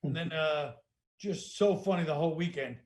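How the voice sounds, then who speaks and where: A man, a comedian hosting a casual chat, trading dry wisecracks and quick comebacks. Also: fairly high pitch, darkish tone. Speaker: comedian host and author.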